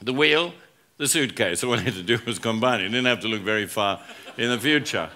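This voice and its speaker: Speaking a little fast in an expressive, mid-range voice with a bright, forceful tone, a man who teaches at a business school delivers a funny conference talk. He tells stories to the live audience, acts out quoted lines and jokes with them.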